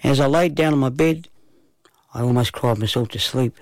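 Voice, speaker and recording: A man with an Australian accent narrating a children's story in a relaxed, lively first-person telling. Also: mid-range voice, normal speed, no echo.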